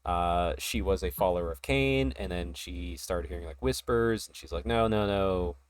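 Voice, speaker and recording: A man hosting a casual hobby podcast, talking in an excited, rambling way and laughing often. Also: sits low, moderate pace, a little hiss or hum. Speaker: podcast host.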